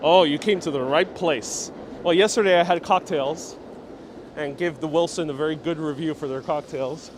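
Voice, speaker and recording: A New York City walking-tour livestream host chats with viewers outdoors, reading out their comments and responding. He speaks at a moderate pace in a slightly high voice, with a little hiss or hum.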